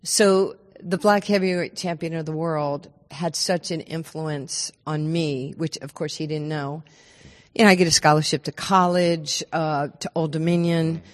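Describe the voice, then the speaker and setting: A woman, telling stories as a podcast guest in an animated, laughing way. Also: low voice, a little slow, in a large hall. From New York. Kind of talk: storytelling podcast interview.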